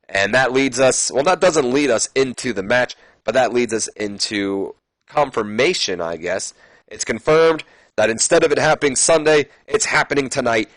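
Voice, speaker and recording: A man's voice: mid-range voice, normal speed, fairly bright tone, dry recording. A man casually narrating a simulation game, rambling with fillers and correcting his own slips. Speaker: let's play commentator.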